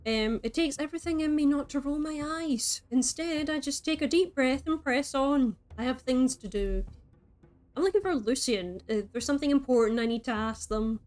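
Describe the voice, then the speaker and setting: A woman's voice: sits high, moderate pace, few pauses, darkish tone, faint music behind. A woman reading a story game aloud as a streamer, breaking in with playful, chatty asides.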